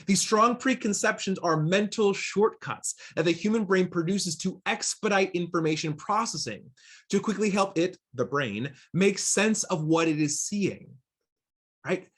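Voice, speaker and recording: A man giving an interactive diversity training talk, telling a story in a lively conversational way, acting out inner voices, with many fillers and restarts. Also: high voice, measured pace.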